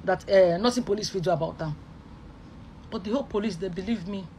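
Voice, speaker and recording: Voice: medium pitch, fast, darkish tone, a little hiss or hum. Emphatic speaker with a Nigerian accent. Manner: emphatic, repeats oaths and phrases. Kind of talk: emotional online rant.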